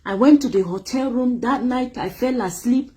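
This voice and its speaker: Woman, high voice, dramatic storytelling, acts out other voices. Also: normal speed, mellow. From Nigeria. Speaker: guest telling her story. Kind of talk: emotional personal testimony.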